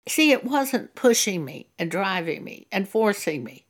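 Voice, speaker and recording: A woman preacher giving an earnest sermon, teaching slowly and reading scripture aloud. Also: mid-range voice, very animated. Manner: slow, deliberate, earnest teaching.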